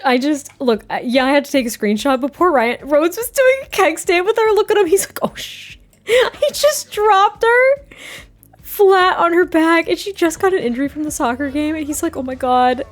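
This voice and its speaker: A young woman giving casual, gushing commentary on a life-sim game, giggling and excitable as she talks. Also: sits high, a little fast, hardly any pauses. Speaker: gaming YouTuber.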